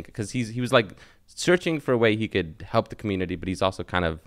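A man's voice: lowish voice, animated, quick pace, fairly bright tone, no echo, clean studio sound. A man talking candidly in a casual conversation, swearing freely and rambling in bursts.

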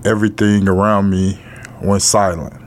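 A middle-aged man co-hosting a podcast, telling a personal story in a halting way, with frequent pauses, fillers and blunt casual profanity. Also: on the low side, little pitch movement, slight background noise. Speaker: podcast co-host.

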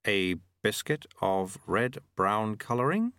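A curt, suspicious auditor, played by a male narrator, speaking in slow, stiff, clipped phrases with no warmth. A close, dry reading. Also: fairly low pitch, sing-song, smooth, no echo, full character voice.

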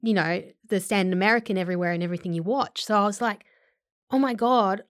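A woman's voice: medium pitch, very fast, no echo, clean studio sound. A woman actor and filmmaker talking casually in an interview, chatty, with frequent fillers and laughs.

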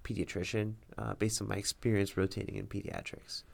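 Young man, deep voice, gravelly fry, measured and hesitant, podcast guest. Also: flat delivery, a little mellow. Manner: measured, hesitant, many fillers. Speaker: podcast guest, incoming resident physician. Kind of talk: casual interview talk.

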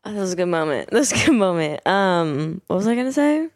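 A woman's voice: lowish voice, very animated, fast. A woman in casual podcast chat, giggly and swearing often. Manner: giggly, swearing, frequent laughter.

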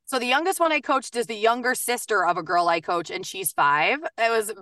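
Bright, upbeat woman, chatty coach type, fast bursts, dry but slightly distant mic. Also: on the high side, no echo. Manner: chatty, upbeat, quick bursts with many fillers. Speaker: voice actor and coach. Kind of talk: casual podcast interview.

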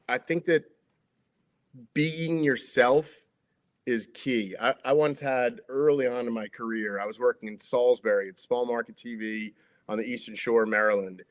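A man's voice: mid-range voice, steady tone, normal speed. Chatty middle-aged man giving advice. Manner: chatty, many fillers and restarts. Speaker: former TV sports broadcaster, interview guest. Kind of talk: casual interview chat.

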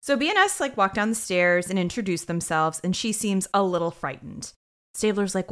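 Animated woman recapping casually. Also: medium pitch, moderate pace. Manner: animated storytelling with quoted voices. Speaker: podcast co-host.

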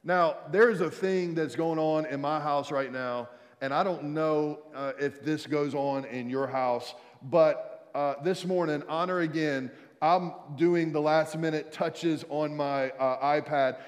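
A man preaching a sermon as a pastor in a church, energetic and calling out to the congregation, with jokey asides. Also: a little high, unhurried. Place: church sanctuary. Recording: long church hall reverb.

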